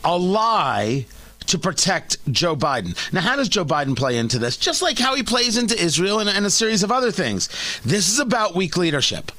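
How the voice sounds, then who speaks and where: A talk radio host, a man, delivering a combative opinion monologue from a studio mic. His voice sits high and sounds bright and forceful. The sound is dry, with no room echo. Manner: emphatic and combative, repeats words when starting a point.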